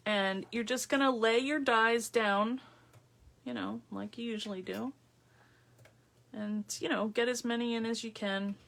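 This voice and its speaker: A woman's voice: a little high, fairly even intonation, measured pace, vocal fry, fairly bright tone. A woman hosting a live craft tutorial on her phone, chatting casually, thinking aloud and greeting viewers by name as she works at her craft table. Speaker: craft demonstrator hosting a livestream.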